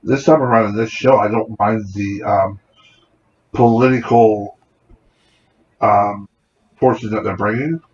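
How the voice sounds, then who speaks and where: Halting man in casual podcast chat. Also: fairly low pitch, steady tone, a little mellow. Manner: halting, hesitant delivery with fillers. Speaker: podcast co-host. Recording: dull lo-fi sound with faint noise.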